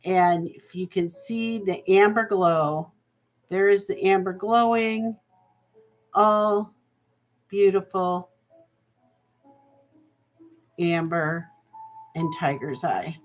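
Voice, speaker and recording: A woman with a fairly low voice hosts a live-streamed jewelry auction, with faint music behind her and poor audio quality. Speaking slowly and chattily with fillers, she talks with viewers and thanks them as she calls the bids.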